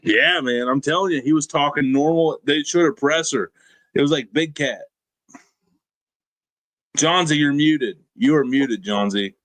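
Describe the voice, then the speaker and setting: A man's voice: on the high side, a little slow, pauses often, a bit bright, dry recording. A man co-hosting a casual podcast, teasing his co-hosts and talking over them in playful banter. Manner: teasing, joking, talks over others. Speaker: podcast co-host.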